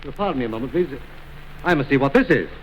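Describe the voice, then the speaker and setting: A man's voice: medium pitch, lively intonation, quick pace, highs cut off, a little hiss or hum. A man presenting a 1920s film trailer, introducing the cast in a courtly, formal way and scolding them politely in jest.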